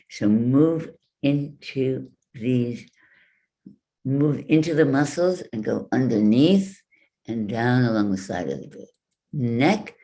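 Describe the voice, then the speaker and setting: Slow, deliberate woman voice coach. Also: a bass voice, mellow. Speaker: voice and wellness coach. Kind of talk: online workshop talk. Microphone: video call.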